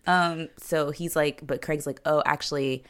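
A woman's voice: low-pitched, steady tone, measured pace, fairly bright tone. A woman co-hosting a podcast, recapping a TV episode in casual chat, rambling with lots of fillers and sarcastic asides.

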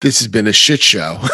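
A male host speaks with emphasis and real animation, his voice rising and falling widely. His tone is bright and forceful. The sound is dry and close, with no room around it. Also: mid-range voice, no echo. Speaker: podcast host. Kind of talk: casual conversation.

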